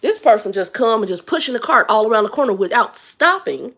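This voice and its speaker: A woman's voice: on the high side, very animated, fairly quick, a bit bright. A blunt, exasperated woman in her fifties, ranting on a live stream as the channel's host. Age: 50s. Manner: blunt, exasperated, talks straight to viewers. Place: Arizona.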